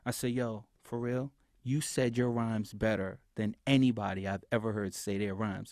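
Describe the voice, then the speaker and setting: Guy telling a story on a podcast, does everyone's lines, gets loud then quiet, dry close mic. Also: lowish voice, normal speed, no room sound. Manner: acts out others' lines with swings in loudness. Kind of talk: animated storytelling.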